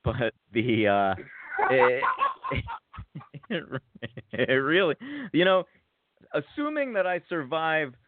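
A man's voice: on the high side, animated, slow, long pauses, heavy background noise. A man casually telling a story in a rambling, hesitant way. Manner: rambling, hesitant, with fillers and restarts. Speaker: guest. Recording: dry, phone-like sound.

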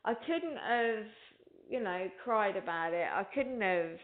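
A woman's voice: mid-range voice, expressive, takes it slowly. Woman host on a tinny phone line. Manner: chatty and rambling, addresses listeners directly. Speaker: radio show host. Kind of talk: spiritual talk show monologue.

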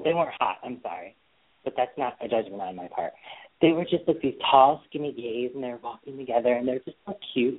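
A man co-hosting a podcast, chatting casually in a sassy, playful, teasing way. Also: medium pitch. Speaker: podcast co-host. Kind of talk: casual gossipy chat. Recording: tinny phone-like line.

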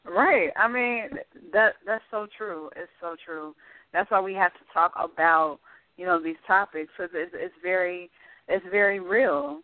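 A woman's voice: lowish voice, a little slow, dry recording. A woman co-hosting a radio talk show, speaking candidly and agreeing with the host. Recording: dry phone-like radio sound.

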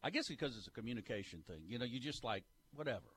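A man's voice: medium pitch, animated, racing, fairly bright tone, a little hiss or hum. A man hosting a sports talk radio show, easygoing and self-deprecating.

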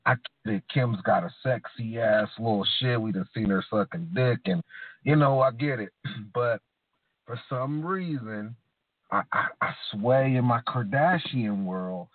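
A man co-hosting a podcast, trading casual profane opinions and slowing down to stress his points. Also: mid-range voice, dry recording. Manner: drawling, opinionated, slows down for emphasis. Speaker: podcast co-host. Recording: dry, tinny phone-like sound.

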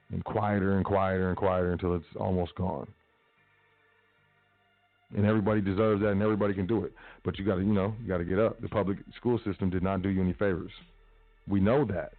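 Talk radio host, male, low voice, casual and emphatic, phone-thin sound, dry. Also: level tone, brisk, gravelly, no room sound, soft background music. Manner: casual, emphatic, repeats phrases. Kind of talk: motivational talk radio monologue. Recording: tinny phone-like line, dry.

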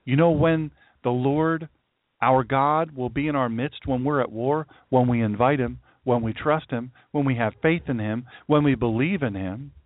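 A man's voice: medium pitch, normal speed, no room sound. A man preaching a sermon as a pastor, stressing his warnings and reading scripture aloud. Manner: emphatic, repeats warnings and scripture. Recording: tinny phone-like dry sound.

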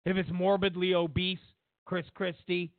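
A man's voice: sits high, level tone, normal speed, dry recording. A man hosting a political commentary show, mocking and sarcastic, repeating lines for emphasis. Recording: tinny phone-like sound.

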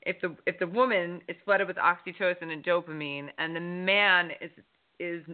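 A woman's voice: lowish voice, normal speed. A woman radio host, asking enthusiastic questions with a lot of stumbling and repeating. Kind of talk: casual interview talk. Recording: phone-like narrow sound.

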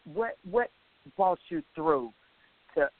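A woman hosting a faith-based interview, talking in an emphatic, expressive way. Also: low voice, slow, dry recording. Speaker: radio show host. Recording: tinny phone line.

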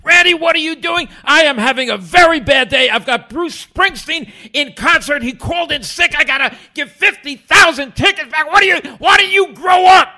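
A man's voice: very high voice, moderate pace, few pauses, voice pushed up, exaggerated voice. A man putting on a furious, frazzled man screaming down the phone at someone. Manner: shouting, exasperated.

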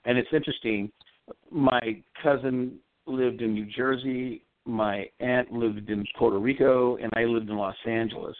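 A man speaks over a thin, dry phone line, and his voice sits at an ordinary middle pitch. He is a psychic medium telling a long story in a rambling, earnest, conversational way. The sound is close and dead, with no room around it. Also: fairly even intonation, measured pace, dry recording. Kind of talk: casual storytelling on a call-in show.

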